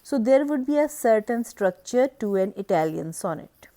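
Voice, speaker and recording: A woman giving a recorded lecture, explaining step by step in a measured way with occasional hesitant fillers. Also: fairly high pitch, expressive, mellow.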